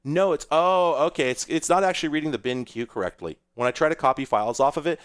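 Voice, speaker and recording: A man's voice: a little high, fast, clean tone. A man streaming live, rambling and sarcastic, who swears and laughs at his own troubles. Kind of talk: casual livestream commentary.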